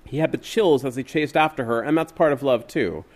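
A man reading literary fiction aloud in a measured, wistful way. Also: medium pitch. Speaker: reader.

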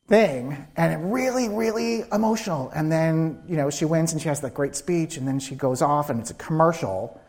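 A man, a screenwriter, telling stories in a live onstage interview, acting out quotes and laughing often. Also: on the high side. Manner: animated storyteller who acts out quotes with laughter. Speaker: screenwriter guest.

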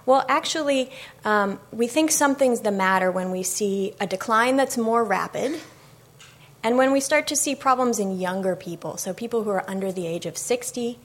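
A woman's voice: a little high, moderate pace. A woman speech-language pathologist giving a public talk, explaining in a conversational way with many ums. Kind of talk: public lecture.

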